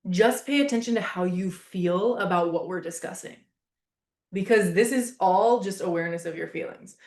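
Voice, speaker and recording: A woman's voice: fairly low pitch, moderate pace, a little mellow, roomy sound. A woman leading a class in a casual coaching style, speaking emphatically, repeating herself for effect and swearing casually. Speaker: class facilitator.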